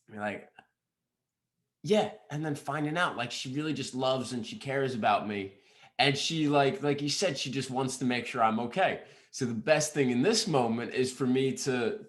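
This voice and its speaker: A man's voice: mid-range voice, normal speed, a bit bright. A man hosting a podcast in casual conversation, reflecting on and affirming what his guest says. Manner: reflective, affirming, sums up lessons. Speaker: podcast host.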